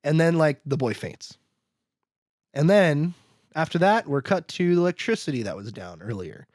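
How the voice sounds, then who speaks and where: Here a man with a voice on the high side talks through a movie on a podcast he co-hosts, chuckling throughout and performing characters' dialogue in rapid voices. His delivery is animated, full of trailing off and restarting, captured in clean studio sound without any room echo.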